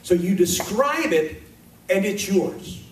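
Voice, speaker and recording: High-voiced male preacher in echoey hall. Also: animated, slight background noise. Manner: conversational, emphatic preaching with pauses. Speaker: pastor. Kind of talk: sermon. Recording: echoey hall recording from far off.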